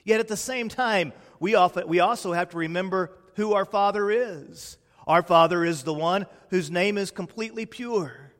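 A pastor, preaching a sermon with slow emphatic pauses and a hush at key lines. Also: male voice, high voice, big-room sound.

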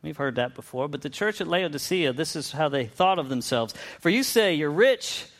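A man delivers a relaxed, conversational sermon. His voice sits slightly high for a man. He stumbles and restarts phrases and briefly acts out the people in the stories. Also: moderate pace. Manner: conversational, with frequent restarts and acted-out quotes. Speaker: preacher.

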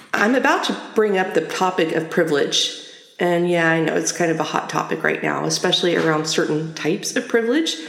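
Woman, middle-aged, lowish voice, conversational storytelling, roomy echo. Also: gravelly. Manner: conversational, reflective and animated when retelling. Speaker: podcast host. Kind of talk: personal storytelling podcast.

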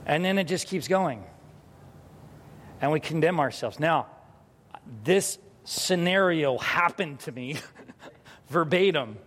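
A man preaching a sermon as pastor, telling a parenting story and acting out the scenes with lively energy. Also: fairly high pitch, takes it slowly, long pauses. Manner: animated storytelling, acts out scenes. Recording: hall reverb.

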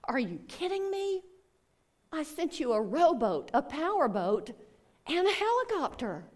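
A woman's voice: high voice, sing-song, measured pace, a little mellow, voice pushed up. A woman voicing God as exasperated and incredulous, in a joke told in a sermon.

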